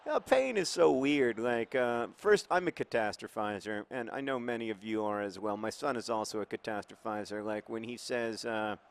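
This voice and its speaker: A man's voice: fairly low pitch, normal speed, gravelly, few pauses. A man hosting a football management game in casual, rambling, wry commentary, his mouth numb after oral surgery.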